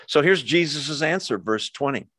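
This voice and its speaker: A man's voice: on the high side, lively intonation, moderate pace, fairly bright tone, dry recording. Man teaching Bible study in a dry room. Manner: explains verse by verse, asides and self-corrections. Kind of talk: conversational scripture teaching.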